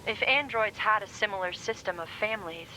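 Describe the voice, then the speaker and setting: An actress playing a formal, curious female android operator in a video game, speaking in a precise, measured way. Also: mid-range voice, pushed and bright, a little hiss or hum, lightly acted, low-quality recording.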